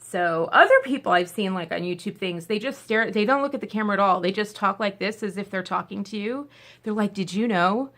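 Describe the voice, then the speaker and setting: This video blogger has a medium-pitched, slightly bright voice and talks briskly. Teary after crying, she speaks casually and emotionally to her camera, wandering off on tangents and using plenty of fillers.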